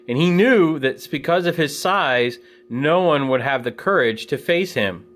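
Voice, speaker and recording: A man's voice: a little high, a little slow, a little hiss or hum. Man telling a Bible story to kids. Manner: animated storytelling, casual and plain-spoken. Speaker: children's ministry teacher. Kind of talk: Bible story lesson for children.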